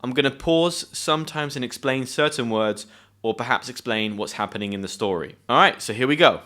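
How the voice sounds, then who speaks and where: A British man teaching English, reading a story aloud and pausing to explain words clearly. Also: mid-range voice, bright, forceful tone. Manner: friendly, clear explanations with pauses to define words.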